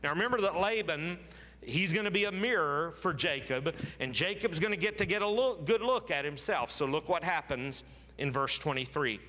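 A man's voice: on the high side, lively intonation, moderate pace, bright, forceful tone, long reverb tail. A man preaching a sermon, reading scripture aloud dramatically and repeating phrases for emphasis. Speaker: pastor.

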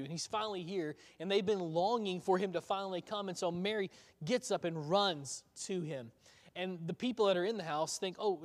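A male preacher giving a sermon in a conversational storytelling way, asking the listeners rhetorical questions. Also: a little high. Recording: long hall reverb.

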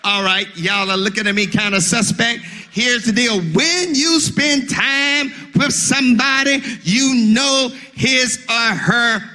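High-voiced, bright, slow-preaching pastor. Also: male voice. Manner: preaching with rising calls and sung cadence. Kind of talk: sermon.

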